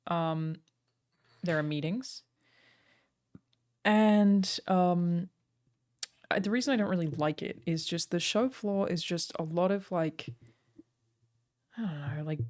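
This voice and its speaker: Chatty woman streamer, low voice. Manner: chatty, full of "like" and "um" fillers. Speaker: streamer and game writer. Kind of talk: casual live-stream chat answering chat questions.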